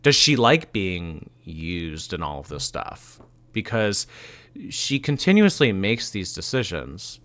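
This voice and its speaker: A man's voice: low voice, sing-song, slow, fairly bright tone. A man hosting a commentary show, reacting to video clips in a sarcastic, mocking way. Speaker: commentary channel host.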